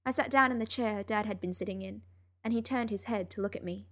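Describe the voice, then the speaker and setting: A woman reading a first-person story aloud in an expressive, emotional way. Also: mid-range voice, fast. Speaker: audiobook narrator.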